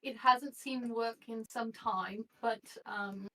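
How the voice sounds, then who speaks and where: A woman's voice: a little high, fairly even intonation, takes it slowly, a bit bright, far from the mic, poor audio. A woman player in a tabletop role-play, speaking politely and genteelly in character, often calling others darling.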